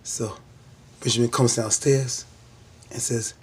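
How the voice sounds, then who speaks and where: Husky guy going over a tv episode, loose and excited, ding ding ding kinda energy. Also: medium pitch, moderate pace. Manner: animated storytelling with churchy exclamations and acted-out lines. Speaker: TV episode reviewer. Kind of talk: casual recap vlog.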